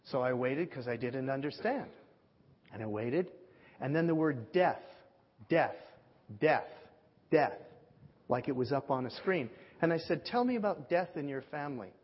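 A man preaching a sermon, telling a story in a lively way and acting out the voices of the people he quotes. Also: mid-range voice, normal speed, slightly rough. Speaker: pastor. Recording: dull lo-fi audio with long hall reverb.

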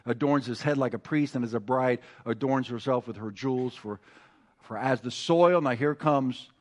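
A male pastor preaching a sermon, moving from quiet, conversational asides to rising, emphatic exhortation, with frequent restarts. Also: mid-range voice, normal speed.

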